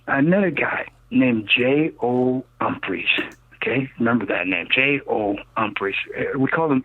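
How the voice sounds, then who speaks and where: A man in his sixties, a rocket builder interviewed as a guest, telling rambling stories in an emphatic, cynical way, leaning on "okay?" and "you know" between thoughts. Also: medium pitch. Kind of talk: casual rambling storytelling interview. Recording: dry tinny phone line.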